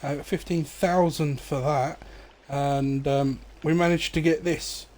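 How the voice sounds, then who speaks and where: A man's voice: on the high side, slow pace. Laid-back man rambling through a farm game. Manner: relaxed, rambling, many fillers. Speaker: gaming streamer. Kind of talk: casual let's-play commentary.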